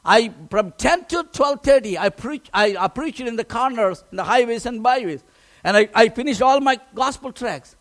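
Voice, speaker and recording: A pastor telling a personal testimony in a sermon, emotional and animated, often restarting his words. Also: very high-pitched, normal speed.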